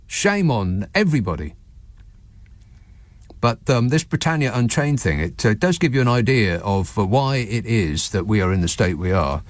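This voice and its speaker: Sarky radio host guy, swoopy animated delivery, laughs at his own gags. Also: medium pitch, no echo. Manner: sardonic, mocking, chuckles at his own jokes. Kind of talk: late-night talk radio monologue.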